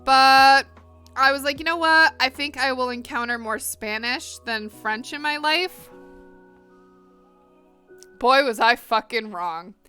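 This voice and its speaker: A chatty young American woman hosts a relaxed live stream, talking straight to her viewers while she colors. Her voice sits a bit high and comes across bright and forceful. Soft music plays quietly behind her. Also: slow, pauses often. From northern United States. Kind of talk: casual chat while coloring.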